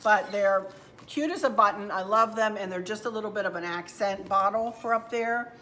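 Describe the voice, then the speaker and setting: A woman's voice: medium pitch, normal speed, bright, forceful tone, faint music behind. A middle-aged woman, chatting casually to viewers at home while she shows her fall decorating and crafts. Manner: chatty, homey, addresses viewers as y'all. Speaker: home decor channel host. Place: at home, indoors.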